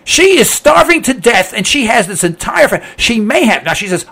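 A man with a high-pitched, sing-song voice and a sharp tone hosts a radio talk show at normal speed. His monologue is indignant and opinionated, a rant full of repetition and rhetorical questions.

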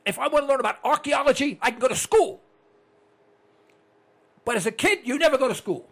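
An older man hosting a talk radio show, ranting in a blunt, excitable monologue. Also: extremely high pitch, fairly quick. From United States.

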